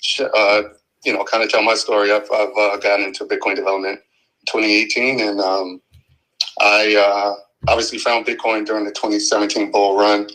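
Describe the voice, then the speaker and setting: A man casually telling how he got into software development, with lots of fillers and restarts, on an audio chat app stream. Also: lowish voice, a little fast, poor audio. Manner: relaxed, rambling with many fillers. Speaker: guest developer.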